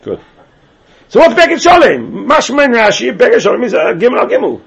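A man leads a Talmud class with a gravelly, husky voice set a little high, chanting phrases in a sing-song lilt and firing the same question again and again at his students. His pitch swings widely as he talks. The recording sounds dull and lo-fi. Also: wildly swooping pitch, fairly quick. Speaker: Talmud teacher.

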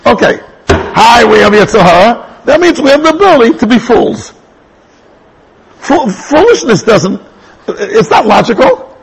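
Gravelly, husky man teaching Torah. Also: sits high, normal speed, rough recording. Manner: animated, jumps between English and Hebrew terms, restarts sentences. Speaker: rabbi teaching a Torah class. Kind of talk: lively Torah lecture.

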